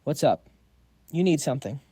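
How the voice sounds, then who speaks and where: A man's voice: a little high, expressive, normal speed, dark tone, slightly rough, dry recording, clean studio sound. A man voicing a cocky, smug rich young man who talks in a teasing way.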